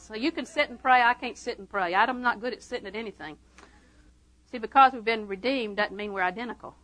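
A woman preaching a sermon, telling stories with humor and swinging between quiet asides and loud proclamation. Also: on the high side, a little fast, poor audio. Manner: humorous, conversational.

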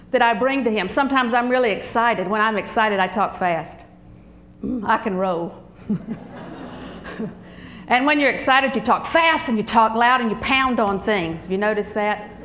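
An older woman preaching a sermon, animated and humorous, telling stories with frequent laughter. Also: fairly high pitch, reverberant, a little hiss or hum, poor audio.

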